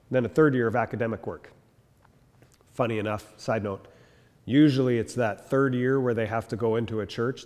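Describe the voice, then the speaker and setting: A man's voice: mid-range voice, a little mellow. A man teaching a class, telling stories and mimicking the people in them. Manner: storytelling, mimics people in quotes. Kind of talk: animated classroom lecture with acted anecdotes. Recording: long hall reverb.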